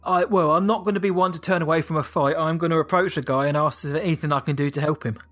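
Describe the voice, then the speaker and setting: A man's voice: fairly high pitch, steady tone, fast talker, a bit bright. A man playing a character in a tabletop role-playing game, confident and jokey. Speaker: player.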